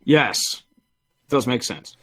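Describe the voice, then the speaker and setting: A man's voice: medium pitch, expressive, slow pace, slightly rough. Laid-back male co-host, offhand remarks. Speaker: sports talk co-host. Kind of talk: casual live-stream banter.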